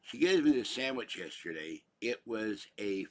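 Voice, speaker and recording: A man's voice: fairly low pitch, very animated, normal speed. An older man from Pittsburgh, talking in a rambling, chatty monologue full of theatrical asides. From Pittsburgh, Pennsylvania. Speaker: vlogger.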